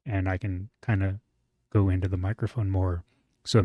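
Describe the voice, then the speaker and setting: Guy streamer reacting, kinda deep voice, dry close mic, laid-back and rambly. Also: moderate pace, dry recording, dull audio. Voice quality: moderately deep voice. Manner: relaxed, chatty, thinks aloud with fillers. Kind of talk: casual reaction commentary.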